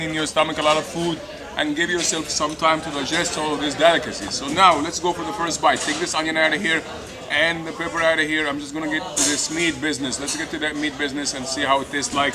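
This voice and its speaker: A middle-aged man eating and reviewing a meal, effusive and a little hoarse from hot pepper. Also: a little high. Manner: enthusiastic, repeats "delicious" and "beautiful". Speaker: food vlogger. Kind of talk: casual food review while eating. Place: busy restaurant, indoors. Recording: noisy restaurant with crowd chatter. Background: crowd chatter.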